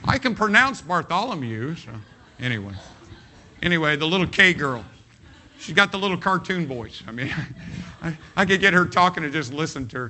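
A man's voice: a little high, sing-song, moderate pace, pushed and bright, a little hiss or hum. A man preaching a sermon as pastor, emphatic and folksy, often repeating his phrases.

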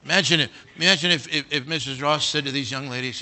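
A man preaching a sermon in a church, animated and dramatic, speaking directly to the congregation. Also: on the high side, fast, hardly any pauses.

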